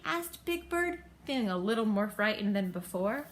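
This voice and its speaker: A woman reading a children's storybook aloud in a gentle, steady manner. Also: medium pitch, moderate pace, hardly any pauses.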